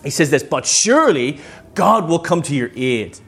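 Male pastor in his thirties, husky tone, fairly high voice; animated sermon delivery that calls for amens. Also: normal speed.

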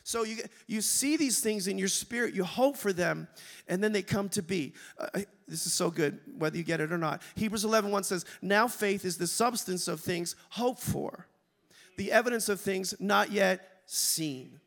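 Gravelly high-voiced male preacher. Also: normal speed, a bit bright. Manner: emphatic, calls out to the congregation for amens. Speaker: pastor. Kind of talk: sermon. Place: church sanctuary. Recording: long reverb of a church hall.

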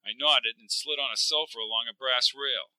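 A man narrating a first-person story in a measured, even storytelling voice. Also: mid-range voice, smooth, dry recording, low-quality recording.

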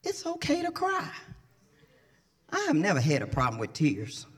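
A middle-aged woman pastor preaching an impassioned sermon, dropping to whispers and then rising to shouts. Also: low-pitched, huge pitch swings, moderate pace.

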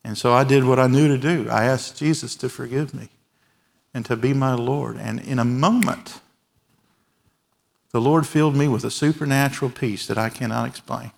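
A man's voice: mid-range voice, moderate pace, vocal fry. Pastor, male, 40s, mid-range voice; earnest, emphatic sermon delivery in a large church. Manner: earnest, emphatic preaching with quiet, softened endings. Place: large church with overflow rooms.

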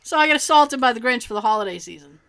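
A woman co-hosting a podcast, telling a funny story in animated casual chat and laughing often. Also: a little high, fast talker, gravelly. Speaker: podcast co-host.

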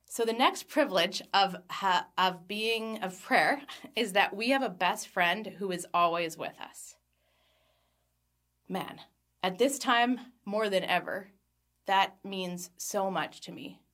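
A woman in her thirties, a Christian speaker giving an earnest devotional talk with scripture reading, laughing lightly between thoughts and slowing down on key phrases. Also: mid-range voice, fairly bright tone.

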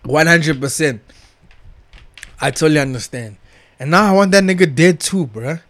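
A man's voice: on the high side, moderate pace, a bit bright, dry recording. A young man in a casual, slang-heavy rant as a vlogger, swearing and emphatic, with loose repeated filler words. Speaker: vlogger reviewing a TV show.

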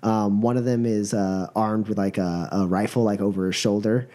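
A man narrating a tabletop game as game master, halting and full of fillers. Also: fairly low pitch, fairly even intonation, warm tone. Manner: halting, many fillers, laughs often.

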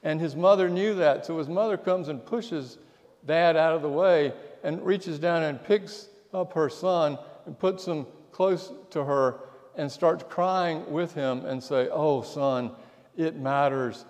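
A pastor delivering a sermon, telling stories and dropping to a hush at the key lines. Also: male voice, fairly high pitch, a little slow. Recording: long church reverb.

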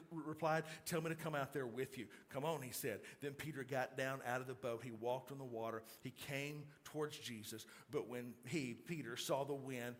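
A middle-aged male pastor delivering a sermon, moving from calm storytelling to loud, excited preaching. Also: mid-range voice.

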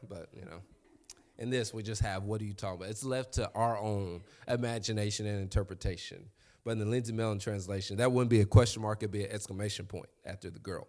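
A man's voice: mid-range voice, fairly quick. A young man, preaching a sermon in a conversational, storytelling way with asides to the congregation. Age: young adult.

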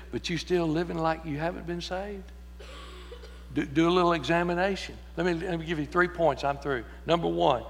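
A male preacher drives his point home with rolling repeated phrases, then drops into folksy storytelling. His voice sits high and rings in the long reverb of a church sanctuary. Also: brisk, slight background noise. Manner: emphatic, repetitive build-ups rising to shouts. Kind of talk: sermon.

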